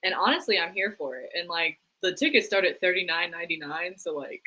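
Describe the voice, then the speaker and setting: A young woman co-hosting a live stream, chatting casually about theater news, full of "like" and quick laughs. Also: fairly low pitch, expressive, pushed and bright, poor audio. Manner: chatty, lots of "like", laughs easily. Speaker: co-host.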